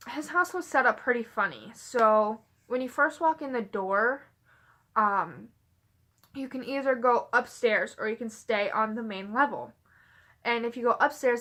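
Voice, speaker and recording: A woman's voice: a little high, fairly bright tone. A young adult woman vlogging, telling a personal story in a rambling, casual way with many "like" fillers.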